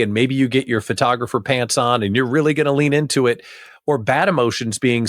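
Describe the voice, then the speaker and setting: A male interview host with a middle-pitched voice asks long, considered questions that build up step by step. The sound is dry and close to the mic, with no room around it. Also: expressive, normal speed, dry recording. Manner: thoughtful, long-winded questions. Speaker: podcast host.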